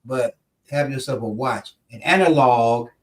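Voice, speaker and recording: A man's voice: mid-range voice, a little slow. Male host, casual storyteller, somewhat distant mic. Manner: storytelling, laughs often. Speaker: podcast instructor. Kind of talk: casual quiz chat.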